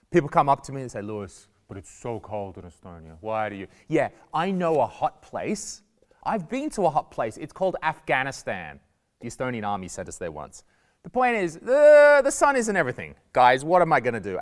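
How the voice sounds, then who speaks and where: Animated Australian man in a reverberant hall. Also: mid-range voice. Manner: animated, jokey, acts out quoted voices. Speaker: comedian giving a guest lesson. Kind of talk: lively stand-up style talk to students.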